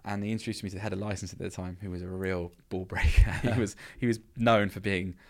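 A man, a festival founder and firefighter, telling animated, self-mocking stories with frequent laughs as a podcast guest. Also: low voice, quick pace. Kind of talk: casual storytelling interview.

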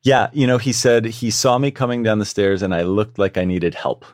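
Brief: man, very deep voice, earnest podcast guest telling a story, dry close sound. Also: level tone, moderate pace, no room sound. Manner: earnest, reflective, with repeated restarts.

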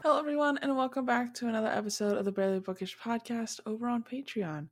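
A woman hosting a podcast from home, chatting casually with plenty of fillers and lively stories about her cat. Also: a little high, fast talker, over music. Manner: chatty, filler-heavy, animated storytelling. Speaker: podcast host. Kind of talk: casual chat. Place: home, remote recording.

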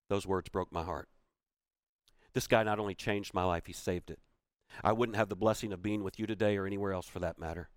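Low-voiced man telling a moving story on stage. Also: steady tone, brisk, no echo, studio quality. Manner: emphatic, repeats key phrases for weight. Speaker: motivational speaker. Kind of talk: storytelling keynote speech.

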